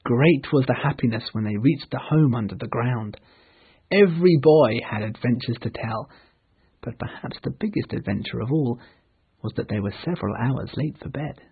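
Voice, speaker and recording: A man reading a storybook aloud for English learners, slowly and clearly. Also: mid-range voice, narrow, tinny audio. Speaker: narrator.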